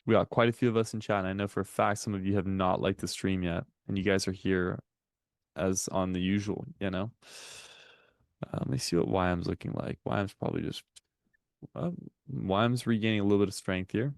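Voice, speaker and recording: A man's voice: low-pitched, fairly even intonation, a little fast, vocal fry, dry recording, studio quality. A man co-hosting a live trading stream, talking casually and jokingly to his chat. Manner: chatty, joking, addresses chat often.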